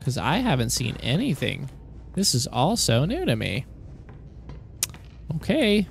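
A woman doing emotional gameplay commentary, expressive and sentimental. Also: a bass voice, a little slow, vocal fry, a little hiss or hum. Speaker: gaming YouTuber.

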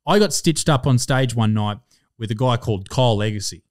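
A young Australian man co-hosting a podcast, telling stage stories in a loose, profane way. His voice sits at an ordinary middle pitch. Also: fairly quick. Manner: swears constantly, tells stories with acted-out quotes. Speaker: podcast co-host. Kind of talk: casual chat.

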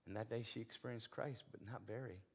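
A man's voice: fairly low pitch, fairly even intonation, fairly quick, creaky, husky. A man preaching a sermon in an earnest, conversational storytelling way, repeating phrases for emphasis. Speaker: pastor.

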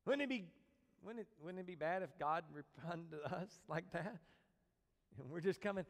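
Male pastor, sermon, animated delivery, acts out voices, lively pitch swings. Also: normal speed. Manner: animated, acts out quoted voices, speaks directly to the congregation. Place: church sanctuary. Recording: long church reverb.

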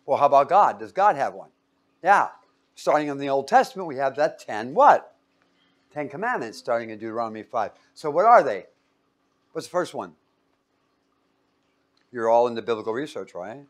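A man's voice: medium pitch, big pitch swings, normal speed, long pauses. A man teaching a Bible class in a playful way, quizzing his listeners and joking with them as he talks to a live group. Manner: playful, quizzes the audience and jokes.

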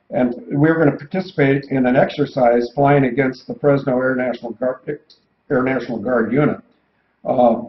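A man's voice: mid-range voice, echoey room, lo-fi sound. Older man telling rambling flying stories. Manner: rambling anecdotal storyteller. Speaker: retired military pilot and co-host. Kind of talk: casual storytelling chat.

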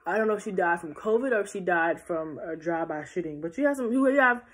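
A woman's voice: fairly low pitch, lively intonation, fast, a bit bright. A teenage girl answering viewer questions in a casual vlog, chatty and rambling with many restarts, sounding tired. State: tired and yawning. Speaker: vlogger. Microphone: phone.

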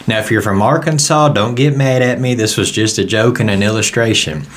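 A man's voice: fairly low pitch, a little fast. A man with a Southern US accent leading a verse-by-verse Bible study in a folksy, conversational storytelling way.

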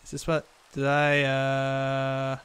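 A young man giving Minecraft let's play commentary, frantic and excitable, rambling fast when thrilled. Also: medium pitch, clean tone. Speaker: gaming video host.

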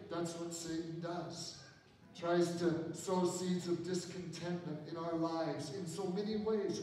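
A man's voice: on the high side, a little mellow, a little hiss or hum. A male pastor preaching a sermon in a conversational, storytelling way with self-deprecating humor. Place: church. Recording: echoey church hall from far off.

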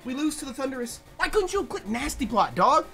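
A man commentating his video game run, swearing, swinging between yelling and muttering calculations, his voice strained from shouting. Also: very high-pitched, big pitch swings, brisk, vocal fry, faint music behind. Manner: swears a lot. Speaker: gaming YouTuber. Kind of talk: let's play commentary.

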